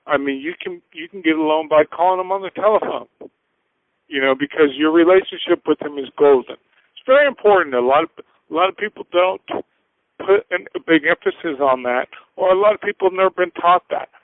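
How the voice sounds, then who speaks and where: A man with a fairly high voice gives earnest, casual business advice as a radio guest. His voice comes through thin and boxy like a phone line, with no room echo. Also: expressive, a little fast. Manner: earnest, acts out little scenes in voices. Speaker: finance guest. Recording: tinny phone-like dry sound.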